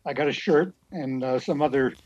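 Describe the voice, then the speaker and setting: A man's voice: mid-range voice, moderate pace, darkish tone, no echo. A man speaking as a guest in a casual chat, telling rambling stories in a laid-back way. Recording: dull lo-fi sound.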